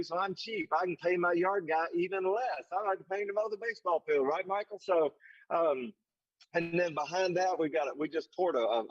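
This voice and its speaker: A man's voice: sits high, no room sound. Man, motivational speaker, folksy, emphatic, repeats phrases, dry slightly muffled recording. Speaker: leadership summit speaker. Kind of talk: motivational speech.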